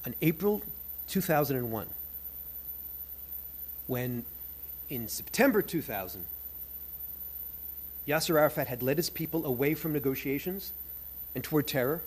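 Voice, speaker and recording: A man's voice: on the high side, normal speed, pauses often, husky. An older man from New York with a New York accent, giving a humorous storytelling lecture as a professor at a conference. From United States. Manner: animated, humorous, wry asides.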